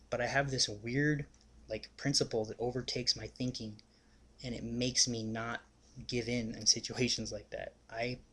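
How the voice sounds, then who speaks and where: A man's voice: medium pitch, fairly bright tone, husky. A young man casually telling a story on his vlog, rambling and swearing, with constant "like" and "you know". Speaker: vlogger.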